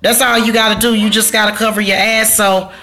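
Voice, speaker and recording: Woman vlogger, bright voice, blunt and profane, casual rant. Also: mid-range voice, level tone, fairly quick. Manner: blunt, profane, ranting, slangy. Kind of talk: casual talk to camera.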